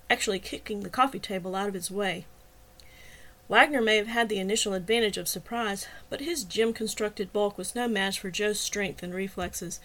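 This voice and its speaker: Brief: female author-narrator, measured and softly expressive, audiobook reading. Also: medium pitch. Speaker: author reading her own novel.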